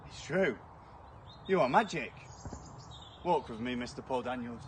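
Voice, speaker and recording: A man's voice: mid-range voice, lively intonation, a little slow, slight background noise, lightly acted. Man playing a pompous arrogant king. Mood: haughty. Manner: grand, condescending, mocking, rising to furious shouts. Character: pompous arrogant male king, haughty and vain. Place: outdoors near stables. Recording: distant outdoor clip with faint ambience.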